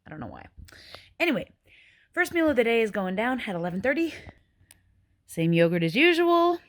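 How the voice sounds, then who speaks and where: A woman's voice: fairly high pitch, big pitch swings, normal speed. A woman in her forties chatting casually through a food diary vlog, often sounding a little out of breath. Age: 40s. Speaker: vlogger. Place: various rooms and a dance studio.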